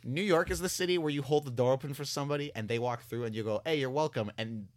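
A young adult man co-hosting a podcast, chatting casually and telling animated stories with some swearing. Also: mid-range voice, fast. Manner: animated storyteller, swears freely. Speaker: podcast co-host. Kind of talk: casual chat.

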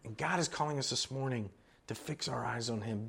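A man's voice: medium pitch, brisk, vocal fry, slightly rough. A man preaching a sermon as pastor, conversational and earnest, building to emphatic exhortations.

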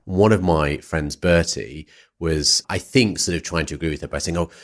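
A man hosting a podcast, telling a long rambling anecdote in an animated, chatty way. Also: very deep voice, normal speed. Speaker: podcast host. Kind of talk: conversational storytelling.

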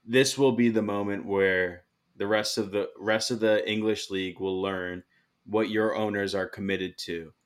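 A man's voice: lowish voice, fairly even intonation, unhurried, clear, resonant tone. A man co-hosting a casual podcast, teasing his friends about their club's spending and swearing freely. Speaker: podcast co-host. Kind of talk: casual banter among friends.

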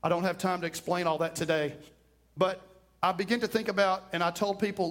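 A man preaching a sermon as pastor, animated, swinging between fast and slow delivery. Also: high-pitched. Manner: animated preaching, varies pace widely.

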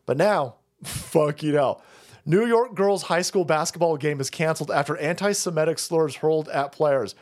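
A man's voice: fairly high pitch, normal speed. A man hosting a live stream, giving heated, profane and mocking commentary with frequent laughs. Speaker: streamer host.

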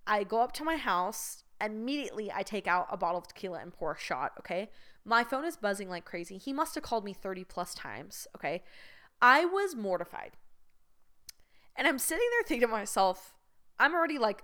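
A woman's voice: mid-range voice, a bit bright, clean tone. A young woman hosting a podcast, telling a story in a frank, exasperated, self-mocking way. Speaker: podcast host. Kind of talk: candid storytelling monologue.

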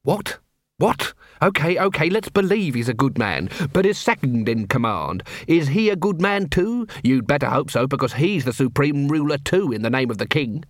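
A man voicing a world-weary male watch captain who is gruff and blunt. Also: fairly high pitch, sing-song, normal speed, dry recording, clean studio sound. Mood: ranting.

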